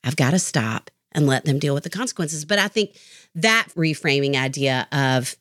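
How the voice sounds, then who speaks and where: A woman's voice: sits low, lively intonation, moderate pace, fairly bright tone, no room sound, studio quality. A middle-aged woman therapist, a podcast guest, talking in an earnest, reflective way and telling stories. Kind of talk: podcast interview conversation.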